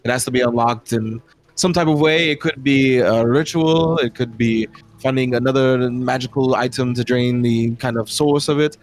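A man's voice: medium pitch, moderate pace, a little hiss or hum, close to an everyday voice. A man voicing a cheerful female gnome blacksmith in a tabletop game, talking in a hesitant way full of fillers. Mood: helpful. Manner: chatty, hesitant, filler-heavy. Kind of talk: tabletop role-play voicing.

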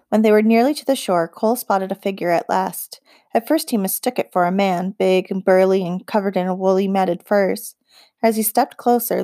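Woman reading a kids novel aloud, steady measured, mid pitch, super dry close mic. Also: no room sound. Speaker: audiobook narrator. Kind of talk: audiobook narration.

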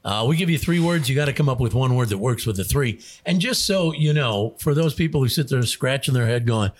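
A man's voice: mid-range voice, fairly quick, few pauses. A man hosting a radio show, telling jokes in a casual, chuckling way. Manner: animated joke-telling with voices and chuckles. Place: radio studio.

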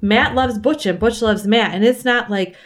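A woman's voice: fairly high pitch, normal speed. A woman guest in a casual faith conversation, talking candidly and animatedly, often saying "like" and laughing at herself. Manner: frequent filler "like". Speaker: podcast guest.

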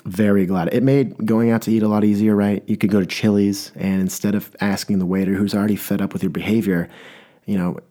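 A man's voice: lowish voice, flat delivery, a little fast, warm tone. A young man delivering a rambling, mock-earnest comedic rant, often stopping to correct himself.

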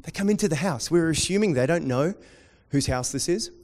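A man preaching a sermon, dropping to quiet intensity and rising to loud, excited storytelling. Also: a little high, a little fast, slight background noise. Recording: long hall reverb.

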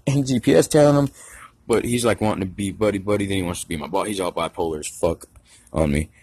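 A man's voice: low voice, fast, a little mellow, breathy edge, dry recording. A man telling a rambling, profane story in a casual rant. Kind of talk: casual ranting anecdote.

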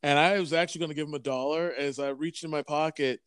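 A man's voice: a little high, steady tone, quick pace, a bit bright, smooth, dry recording. A man telling a story in a casual chat, rambling with many restarts. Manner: rambling, lots of fillers and restarts.

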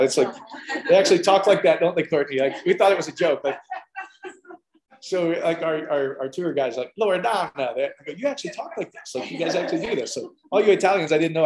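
Animated man preaching in an echoey room. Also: a little high. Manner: animated storytelling with many fillers. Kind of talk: informal sermon. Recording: roomy echo.

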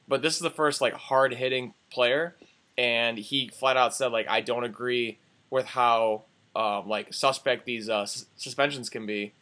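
A young man from Wisconsin co-hosting a podcast, talking sports in an excitable, profane, casual way. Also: mid-range voice, unhurried. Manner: excitable and profane, swings from mumbling to yelling. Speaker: podcast co-host.

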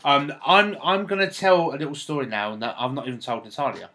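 A man in casual chat, telling a personal story in a halting, emotional way. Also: mid-range voice, pushed and bright.

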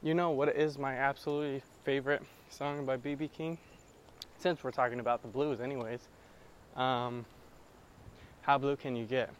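A man's voice: mid-range voice, flat delivery, normal speed, pauses often, a little hiss or hum. Profane rambling man talking in a car. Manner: profane, rambling, scats and sings improvised blues. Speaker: podcast host. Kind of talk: casual solo podcast rant.

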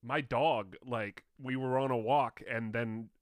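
A man's voice: medium pitch, fairly even intonation, slow, slight background noise. A young man co-hosting a podcast, chatting casually with loose swearing and frequent laughter. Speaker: podcast co-host. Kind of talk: casual chat.

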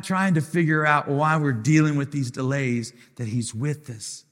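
A man who is a pastor preaching a sermon with passion, swinging between loud declarations and soft, quiet asides. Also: on the high side, steady tone, normal speed. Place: church sanctuary. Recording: live church hall with music behind.

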